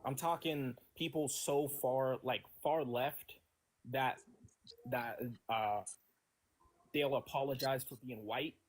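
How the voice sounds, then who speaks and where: A man with a husky, breathy voice speaks in loose, casual debate. He rambles and doubles back on his words while working out his argument. His pitch sits in an ordinary middle range. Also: steady tone, takes it slowly. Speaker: guest caller on a live stream.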